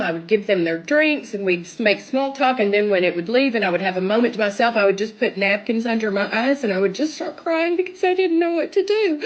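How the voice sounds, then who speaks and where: A young woman sharing a personal testimony, emotional, her voice climbing high when she recalls her prayers. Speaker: testimony speaker. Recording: dull lo-fi sound.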